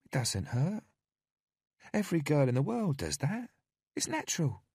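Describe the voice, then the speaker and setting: A man's voice: on the high side, huge pitch swings, moderate pace, a little mellow, breathy edge, no room sound, studio quality, voice pushed up, exaggerated voice. A man playing a falsely sweet woman captor. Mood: falsely soothing.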